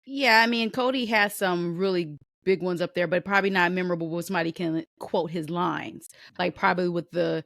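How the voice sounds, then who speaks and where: A woman co-hosting a podcast, chatting casually with quick, easygoing agreement. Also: fairly low pitch, creaky, a bit bright, dry recording, studio quality. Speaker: podcast co-host. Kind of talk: casual chat.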